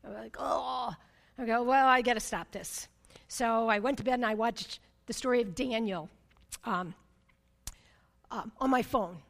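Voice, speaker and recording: High-voiced woman preaching in a reverberant hall. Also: unhurried, gravelly, long pauses. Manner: personal storytelling, emphatic, frequent "right?" asides; swings between loud excitement and hushed intensity. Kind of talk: sermon.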